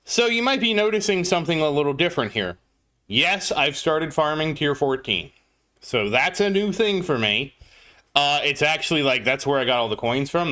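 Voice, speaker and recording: Male streamer, chatty and upbeat, bright tone with lots of pitch movement, talks to his chat while playing. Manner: chatty, greets chat viewers by name. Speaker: gaming livestreamer. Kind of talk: casual gameplay commentary.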